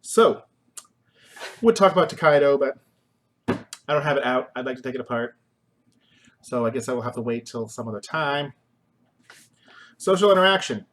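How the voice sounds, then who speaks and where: A man's expressive, medium-pitched voice moves at a moderate pace with long pauses as he hosts a casual live stream from his home kitchen. With slight background noise, he rambles, teases himself, and sings silly made-up tunes.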